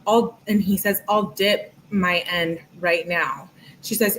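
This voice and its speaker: A woman hosting a true-crime channel, reading text messages aloud in an even way and adding casual, exasperated asides. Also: on the low side, slow pace, a little hiss or hum, rough recording.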